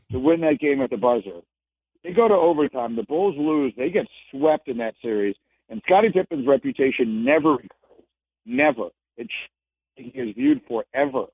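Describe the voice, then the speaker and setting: A former sports reporter, now a guest on a radio show, talks casually in an interview and builds his points through repeated phrases. His voice is medium-pitched and husky, and the recording is dry, coming through a phone on a tinny line.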